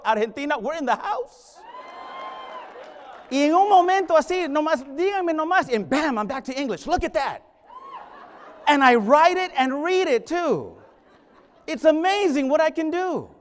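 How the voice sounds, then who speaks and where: A middle-aged man giving a humorous keynote at a conference, joking with the audience and switching into Spanish. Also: very high voice. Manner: joking, addresses the crowd directly, switches into Spanish. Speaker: keynote speaker, high school principal. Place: large conference hall. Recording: long reverb of a large conference hall.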